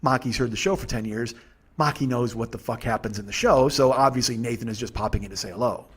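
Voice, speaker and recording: A man in his forties hosting a comedy podcast, telling a rambling, profane, exasperated story in a husky voice. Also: mid-range voice, quick pace. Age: 40s. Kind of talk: storytelling monologue.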